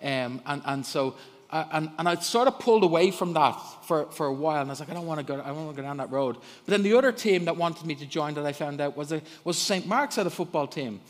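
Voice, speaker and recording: A middle-aged guest preacher with a brisk, slightly high voice gives a sermon in a church hall, and the recording has long hall reverb. He's an animated storyteller who laughs often and repeats words when starting his lines.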